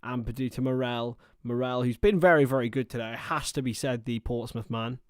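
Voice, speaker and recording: A man's voice: medium pitch, fairly quick, clean tone, dry recording, studio quality. A young man giving casual livestream football commentary, mixing play-by-play with rambling, chatty asides. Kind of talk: casual watchalong match commentary.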